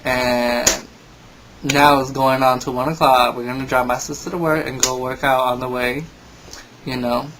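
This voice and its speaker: A man's voice: medium pitch, little pitch movement, moderate pace, background noise. A young man telling a story in a casual vlog, rambling and exasperated. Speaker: vlogger.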